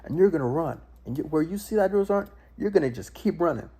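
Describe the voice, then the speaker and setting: A man's voice: on the high side, animated, quick pace, breathy edge, pitched above the performer's own voice. A man barking as a harsh army drill sergeant. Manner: shouted commands.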